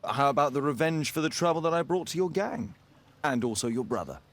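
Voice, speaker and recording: An actor with a posh English accent playing a cool, arrogant gentleman detective in a video game, clipped and aloof. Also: a little high, big pitch swings, a little fast.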